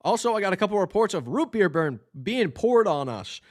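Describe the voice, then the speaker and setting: A man voicing a gruff male bee squad leader who gives orders in a loud drill-sergeant manner. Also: high voice, sing-song, a little fast. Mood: briefing.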